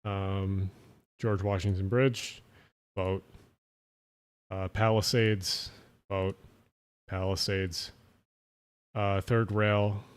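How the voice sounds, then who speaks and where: A man's voice: sits low, flat delivery, very slow, long pauses, clear, resonant tone. A man with a Jersey and Philly area accent, talking in a loose late-night stream. He rambles, runs words together and swears casually as he thinks aloud. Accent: New Jersey/Philadelphia.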